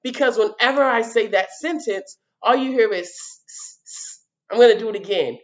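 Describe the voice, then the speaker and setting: A woman teaching a children's video lesson, sounding out letters and repeating words slowly at a whiteboard. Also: on the high side, highs cut off.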